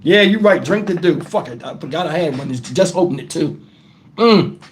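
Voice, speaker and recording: A man's voice: on the high side, expressive, moderate pace, background noise. A middle-aged man hosting a live stream, talking bluntly and profanely and sounding shaken as he answers his chat. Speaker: livestream host. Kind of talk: casual livestream talk.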